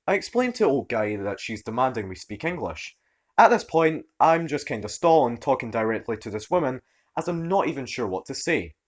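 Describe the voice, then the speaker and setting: A man narrating online stories with a mid-pitched voice that moves with lively, wide swings. His delivery is expressive and animated. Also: a little fast. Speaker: story narrator.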